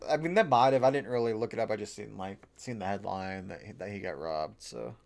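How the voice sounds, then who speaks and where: A man with a gravelly, fry-edged voice co-hosting a laid-back sports podcast over drinks. He talks loosely, swears freely and laughs often. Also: fairly low pitch, brisk, darkish tone. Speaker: podcast co-host.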